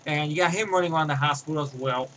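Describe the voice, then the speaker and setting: A man's voice: fairly high pitch, fast, a bit bright, muffled recording, slight background noise. A man giving a casual spoken movie review, rambling through scene recaps with fillers and restarts.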